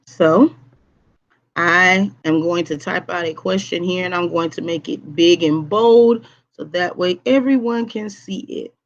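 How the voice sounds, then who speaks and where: A woman's voice: lowish voice, a little slow, lo-fi sound. A woman teacher giving a live online lesson to her students, repeating key points and checking in with "okay?". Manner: repetitive, emphatic, checks in with "okay?".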